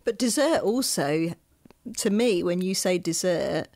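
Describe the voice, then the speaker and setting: A woman co-host musing out loud in short casual remarks. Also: on the low side, animated, unhurried.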